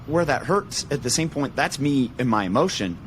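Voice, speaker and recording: A male podcast host speaks in an earnest, reflective way, often hesitant as he searches for words. His voice sits at a middling pitch. A faint low rumble runs underneath. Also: lively intonation, normal speed. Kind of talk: conversational interview.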